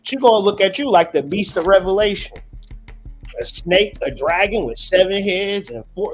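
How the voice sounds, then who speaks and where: A man's voice: sits high, animated, moderate pace, faint music behind. Profane, preachy man holding forth. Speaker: host. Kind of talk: preachy monologue.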